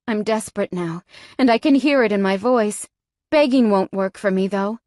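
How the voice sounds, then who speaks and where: A woman's voice: mid-range voice, normal speed, a little mellow, no room sound. A woman narrating a first-person audiobook in a tense, frightened tone, recorded close on a studio mic.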